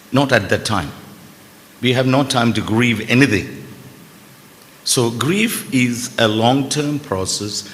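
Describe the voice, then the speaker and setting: A man's voice: mid-range voice, fairly bright tone. A man whose first language is Malayalam gives a conference lecture on trauma, speaking conversationally with self-deprecating asides. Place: conference hall. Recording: reverberant hall with faint background noise.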